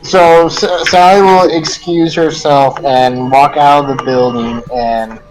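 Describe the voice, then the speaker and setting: A man playing a tabletop game, slowly describing what his character does. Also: a little high, steady tone, faint music behind, low-quality recording. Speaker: tabletop player.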